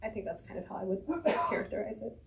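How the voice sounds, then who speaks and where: A woman's voice: medium pitch, fairly even intonation, fast talker, vocal fry, slight background noise, poor audio. A woman chatting as an author guest in an interview, thinking aloud, laughing often, her voice slightly strained. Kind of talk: casual conversational interview.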